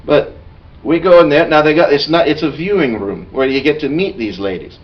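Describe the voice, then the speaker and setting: A man's voice: on the high side, fairly quick, recorded from a distance, highs cut off, close to an everyday voice. A man playing a boastful, bawdy male dwarf warrior who tells a rambling tavern tale in character. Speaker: player telling an in-character story. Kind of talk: in-character storytelling.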